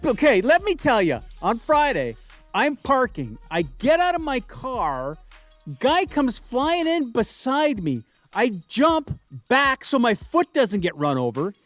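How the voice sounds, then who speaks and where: A man co-hosting a sports talk show, with a high voice that swings widely in pitch. He tells stories emphatically in casual banter, with faint music underneath. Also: slow pace, no echo. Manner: lively storyteller, emphatic. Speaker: sports radio co-host.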